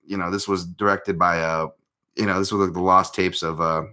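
A man with a very low voice and a bright, forceful edge hosts a live martial-arts chat. He rambles casually, stops and restarts himself, and pokes fun at himself between points. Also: level tone, moderate pace. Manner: rambling, self-interrupting, lots of fillers; joking, self-deprecating. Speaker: host of a live MMA chat.

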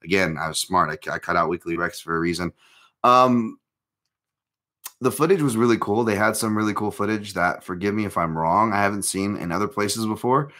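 A man's voice: on the low side, a little fast, bright, forceful tone. A man hosting a live MMA chat, talking casually in a rambling, self-interrupting way with lots of fillers and self-deprecating jokes.

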